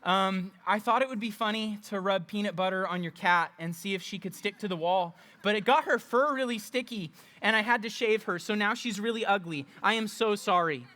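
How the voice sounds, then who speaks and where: A youth pastor leading an interactive youth group session. The voice is bright and playful. They coach volunteers through a skit with easy humor. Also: medium pitch, brisk, few pauses.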